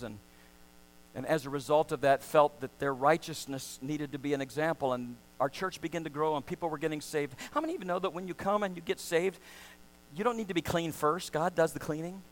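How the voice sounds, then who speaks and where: A middle-aged man preaching a sermon as pastor, full of passion and swinging from loud to hushed. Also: fairly high pitch, brisk, low-quality recording.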